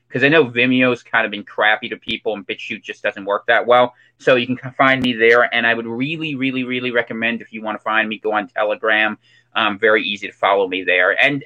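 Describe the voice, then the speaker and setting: A man's voice: medium pitch, sharp tone, muffled recording. A man hosting his own online show, chatting casually and rambling through updates. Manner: chatty and rambling, with fillers and restarts. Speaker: host.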